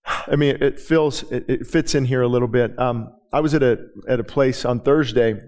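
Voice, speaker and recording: A man's voice: mid-range voice, steady tone, moderate pace, darkish tone. A middle-aged man preaching, telling stories in a loose conversational way with many restarts. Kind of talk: sermon.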